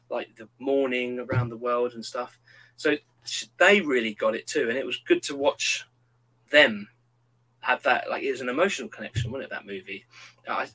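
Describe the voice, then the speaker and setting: A man in his thirties, his mid-range voice slightly rough, tells stories in a casual chat and animatedly acts out quotes. The recording quality is low.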